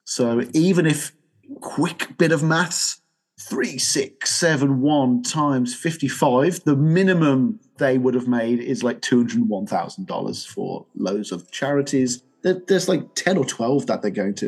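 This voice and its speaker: A man's voice: medium pitch, expressive, normal speed, darkish tone, faint music behind. A man hosting a podcast, chatting casually with a guest and then reading news items in a rambling, friendly way. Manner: chatty, rambling, restarts, laughs often. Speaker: podcast host.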